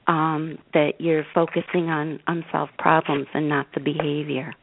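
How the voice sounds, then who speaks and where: A woman with a low, gravelly voice co-hosts a call-in advice show. She reassures callers, and her voice comes through a dry, narrow, phone-like band. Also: level tone, a little slow, slight background noise. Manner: encouraging, reassuring. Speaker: co-host.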